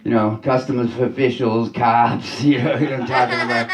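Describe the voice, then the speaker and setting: A man doing a stand-up comedy set in a club, delivering deadpan one-liners with many halting restarts and "uh"s, laughing at his own jokes. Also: medium pitch, echoey room, heavy background noise.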